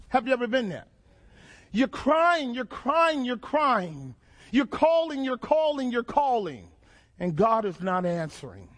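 A man's voice: very high voice, fairly bright tone. A man preaching a sermon, asking the congregation questions and repeating phrases for emphasis. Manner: dramatic, call-and-response questions, repeats phrases.

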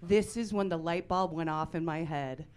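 A woman in her forties performing a stand-up comedy set, with a dry deadpan delivery that breaks into loud bursts of mock outrage. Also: lowish voice, normal speed. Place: comedy club stage before a live audience.

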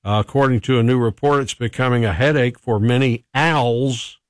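A man's voice: medium pitch, fairly even intonation, moderate pace, smooth, no echo. Male radio host, casual and chatty, laughs a lot, dry close mic. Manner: chatty, laughs often, reads listener texts. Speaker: radio morning show host.

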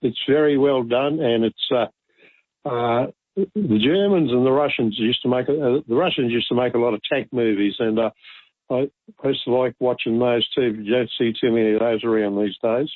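A man calls in over a tinny phone line and hesitates, filling his pauses with uh. His voice is middle-pitched and close. The sound is dry. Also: no echo. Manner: hesitant, lots of uh. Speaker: caller. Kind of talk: phone-in chat.

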